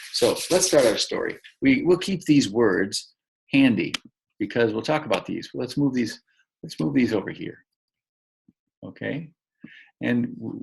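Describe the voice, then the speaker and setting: A male teacher reading a story aloud to young children and explaining new words gently. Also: mid-range voice, gravelly, slight background noise. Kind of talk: storybook read-aloud lesson.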